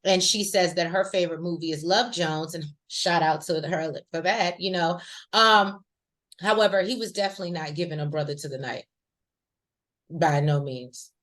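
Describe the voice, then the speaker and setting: A woman co-hosting a casual recap chat, talking in a chatty, slangy way with lively asides. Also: on the low side, moderate pace. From rural American South. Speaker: podcast co-host.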